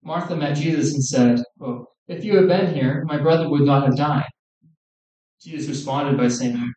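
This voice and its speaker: A man's voice: on the high side, warm tone. Man preaching in an echoey hall. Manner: earnest, measured, quoting scripture. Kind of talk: sermon. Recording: echoey room, distant mic.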